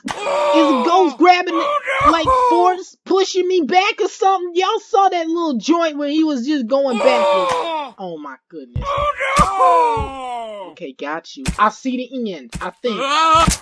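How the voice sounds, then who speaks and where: A woman hosting a gaming video, commentating a let's play with excited yelps, shouts and slangy chatter. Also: very high voice, heavy background noise. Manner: slangy, repeats phrases rapidly.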